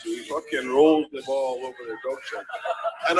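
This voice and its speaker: A man's voice: medium pitch, fairly even intonation, fairly quick, a crowd in the background, poor audio. An older man in his sixties with a Scottish accent telling a rowdy, swearing, laughing football story from an archive clip. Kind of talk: story told on archive video. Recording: music playing behind.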